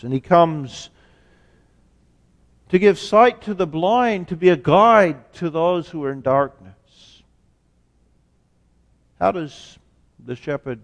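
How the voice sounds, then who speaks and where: A man preaching a sermon as pastor, slow and deliberate, asking rhetorical questions. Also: medium pitch, dull audio. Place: church sanctuary. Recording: long church reverb.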